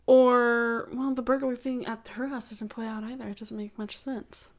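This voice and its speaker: A woman's voice: a little high, level tone, moderate pace. A woman co-hosting a true-crime podcast, talking through theories in a loose, chatty way and laughing easily. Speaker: podcast co-host. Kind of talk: casual true-crime chat.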